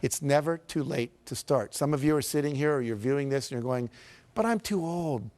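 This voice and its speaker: A man's voice: medium pitch, fairly even intonation, fairly quick, a little mellow, smooth. A man giving a motivational seminar talk to an audience, telling stories and slipping into the quoted characters, with emphatic repetition. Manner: storytelling, shifting into quoted characters. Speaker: motivational speaker.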